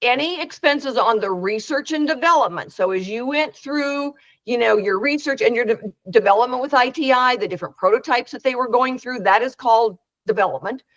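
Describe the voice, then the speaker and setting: A woman's voice: a little high, a little fast, fairly bright tone, no echo, muffled recording. A woman who organizes an inventors' meetup, telling long rambling anecdotes and acting out the quoted dialogue over a video call. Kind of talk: casual storytelling on a video call.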